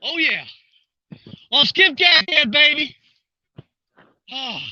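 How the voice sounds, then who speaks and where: A high-voiced, bright, excitable man talks to his viewers while fighting a fish at the water's edge. He is out of breath and draws his words out slowly. The sound is a little dull and lo-fi. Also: dry recording. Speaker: fishing vlogger. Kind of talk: excited live fishing commentary.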